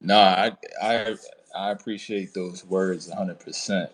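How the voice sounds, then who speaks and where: A man, a trauma recovery coach hosting a live talk, answers in a measured, halting way with many fillers. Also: deep voice, steady tone. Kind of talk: reflective casual talk.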